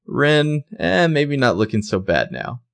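A man's voice: mid-range voice, huge pitch swings, unhurried, gravelly, a bit bright, dry recording. A man co-hosting a podcast, recapping a TV episode in casual chat and reading lines of dialogue aloud in a plain voice. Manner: conversational, reads out quotes in a plain voice. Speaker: podcast co-host.

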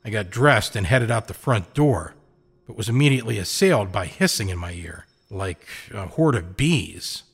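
A man's voice: fairly low pitch, animated, normal speed, creaky, husky. A man narrating a pulp adventure in the first person, in a hardboiled, slangy storytelling manner.

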